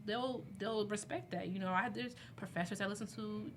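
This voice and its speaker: A woman's voice: medium pitch, normal speed, a little hiss or hum. A woman in her twenties co-hosting a podcast, talking candidly and animatedly in casual chat. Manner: animated, candid, laughs often. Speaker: podcast co-host.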